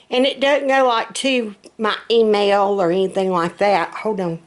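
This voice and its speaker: A woman's voice: mid-range voice, steady tone, moderate pace, hardly any pauses. A middle-aged woman, chatting in a self-mocking, storytelling way. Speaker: vlogger. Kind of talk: casual chat.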